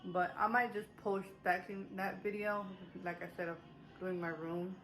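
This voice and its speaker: A woman's voice: medium pitch, steady tone, normal speed, background noise. A woman chatting casually to her viewers, a little out of breath, rambling with lots of fillers and restarts. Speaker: vlogger. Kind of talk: casual haul chat to camera.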